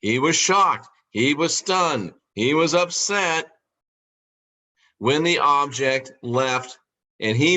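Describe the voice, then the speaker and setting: A man delivers a podcast monologue in a slightly high, sharp, forceful voice. He builds his case with rhetorical questions, repeats key phrases, and slows right down to lean on the words he wants to stress. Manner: rhetorical questions, emphatic repetition. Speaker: podcast host. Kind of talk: monologue on scripture.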